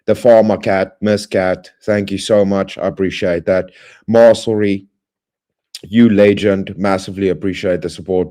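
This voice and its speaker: Low-voiced guy wrapping up his stream, loose and chatty, thanking everyone with goofy slang. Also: fairly even intonation, a little slow. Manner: rambling, friendly shout-outs with playful slang. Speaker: livestream host. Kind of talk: casual stream sign-off.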